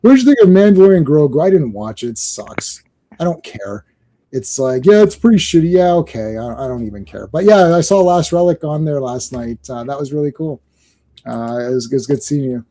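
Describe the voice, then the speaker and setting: On a podcast, a middle-aged co-host with a voice on the high side chats briskly. He's an animated storyteller whose tales ramble, and he laughs often.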